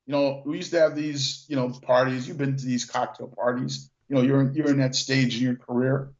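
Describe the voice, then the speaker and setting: An older man who used to sell cars tells stories in a casual conversation, relaxed and reflective, restarting and repeating words and using many "you know" fillers. His medium-pitched voice is brisk, and the recording sounds echoey, dull and lo-fi.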